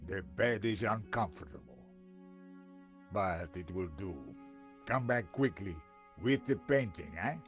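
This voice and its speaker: A man's voice: lowish voice, expressive, unhurried, long pauses, soft background music. An actor voicing a weary but demanding older male collector in a game.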